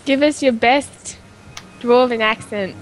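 A woman's voice: on the high side, slow, soft background music. A woman joking and giggling with friends while playing an online game together. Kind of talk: casual gaming chat.

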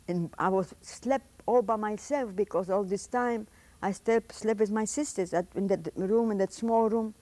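An older woman with a recounts her past in an interview, in broken but fluent English. Her voice is soft and mellow. It is recorded close and dry, with no room sound. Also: medium pitch, no room sound. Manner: emotional storytelling, reenacts her own pleas; non-native English grammar. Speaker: interviewee, Holocaust survivor. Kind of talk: oral history testimony. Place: indoors, interview setting.

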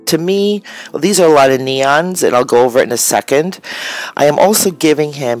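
A woman in her forties chatting casually and rambling a bit, with lots of fillers, as she shows her craft materials. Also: rumbling low. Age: 40s. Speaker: crafter vlogger. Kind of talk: casual chat while showing art materials.

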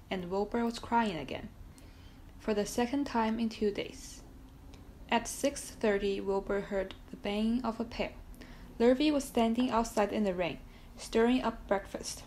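A woman reads a children's book aloud in a gentle, steady storytelling manner, with a fairly high voice. A faint background hiss sits under her reading. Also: unhurried, low-quality recording. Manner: gentle, steady read-aloud with small slips.

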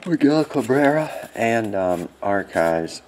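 A man's voice: on the low side, very animated, a little mellow, slight background noise. A man hosting a card break, yawning and sleepy with watery eyes, calling out card names casually. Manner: drowsy, yawning, reads card names in quick bursts.

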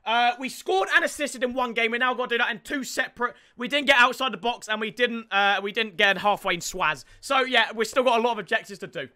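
A man giving excitable live commentary on his own gameplay, shouting and groaning at each play and talking to his viewers. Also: very high voice, fast talker, hardly any pauses. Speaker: gaming YouTuber.

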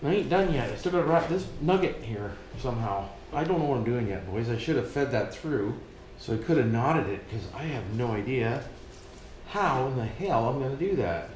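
A man's voice: medium pitch, lively intonation, fairly quick, a little mellow, slight background noise. A Canadian man vlogging casually as he works, joking and swearing and talking to his viewers as "boys". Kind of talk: casual vlog while working. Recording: echoey room.

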